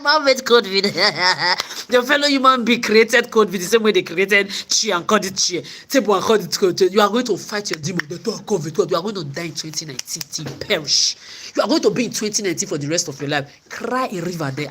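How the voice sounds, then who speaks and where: A woman's voice: on the low side, fairly bright tone, a little hiss or hum. A woman vlogger telling her story in an angry, profane rant, often repeating and stumbling over words. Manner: profane, repetitive stammering.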